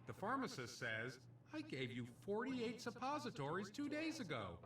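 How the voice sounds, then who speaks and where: A man's voice: high-pitched, huge pitch swings, moderate pace, fairly bright tone, roomy sound, far from the mic, slight background noise, heavily acted. An actor playing a cheesy male casino stand-up comedian, delivering punchy jokes and doing comic voices. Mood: brash.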